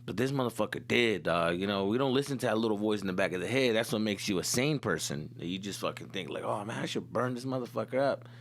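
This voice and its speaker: A man's voice: fairly low pitch, lively intonation, quick pace, hardly any pauses, slight background noise. A young male comedian hosting his own podcast, rambling profanely through a casual monologue and switching into Spanish slang.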